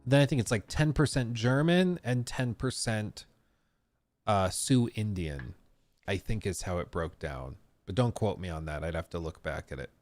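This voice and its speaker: A man's voice: on the low side, moderate pace, no echo. A man hosting a live stream, rambling casually as he reads and answers viewer messages. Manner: rambling, reacting to chat with frequent restarts.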